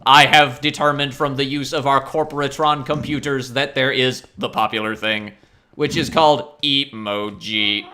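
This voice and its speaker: A man voicing a blunt corporate robot computer that issues flat mechanical decrees. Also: mid-range voice, moderate pace, lightly acted. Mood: commanding.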